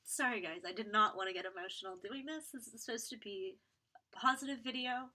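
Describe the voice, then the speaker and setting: A young woman from Quebec telling her own health story candidly on a live stream, with fillers and halting restarts. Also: fairly high pitch, bright, forceful tone. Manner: candid, halting, many fillers, reads viewer comments aloud. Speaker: beauty vlogger and live streamer.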